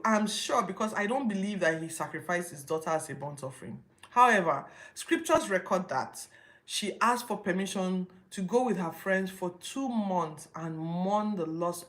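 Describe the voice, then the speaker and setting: A woman's voice: medium pitch, fairly bright tone. A woman hosting a Bible podcast, retelling scripture casually with incredulous rhetorical questions. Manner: informal retelling with restarts.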